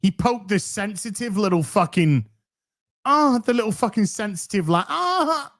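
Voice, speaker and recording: A man's voice: sits high, moderate pace. A man hosting a commentary show, ranting sarcastically and mocking the streamer he reacts to. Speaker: commentary host.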